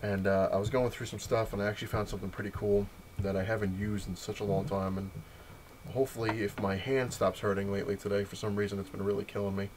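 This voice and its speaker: A man's voice: on the low side, little pitch movement, fast talker, darkish tone, slight background noise. A man casually vlogging about comic books, rambling and retelling conversations with lots of "I was like" asides. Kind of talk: casual vlog storytelling and comic review.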